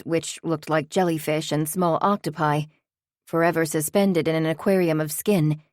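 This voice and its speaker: Low-voiced woman reading a story. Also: a little mellow, no room sound, studio quality. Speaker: narrator. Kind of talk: scripted audiobook narration.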